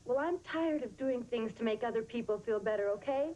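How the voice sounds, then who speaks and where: A woman's voice: fairly high pitch, brisk, warm tone, close to an everyday voice, low-quality recording. An actress playing a young woman patient who speaks bluntly and candidly. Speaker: actor. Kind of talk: sitcom drama acting.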